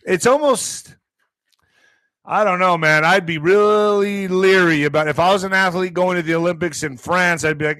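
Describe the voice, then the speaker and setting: Man, morning show host, rambling, profane, reads news aloud, slightly high voice, dry sound. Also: steady tone, moderate pace, fairly bright tone, no echo, poor audio. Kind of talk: casual news commentary.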